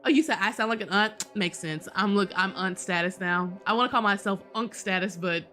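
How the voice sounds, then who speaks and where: A woman with a medium-pitched, pushed, bright voice talks fairly quickly as she streams a let's-play with game music behind her. Her casual commentary is slangy and full of swearing, and she laughs often and talks back to the on-screen characters.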